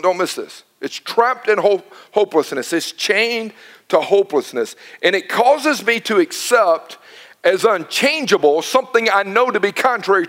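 Middle-aged pastor guy preaching, high voice, acts out convos in his stories. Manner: animated storytelling with quoted dialogue. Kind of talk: sermon.

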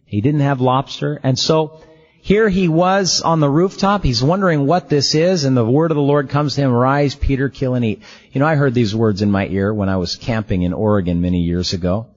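A man preaching a sermon, telling the story in a lively, conversational way. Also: medium pitch. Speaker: pastor. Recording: slightly dull lo-fi sound.

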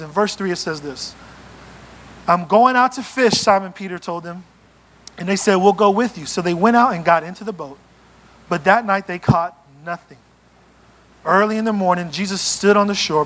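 A man preaching a sermon in a church, animated and playful, acting out little scenes as he goes. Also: high-pitched. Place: church sanctuary.

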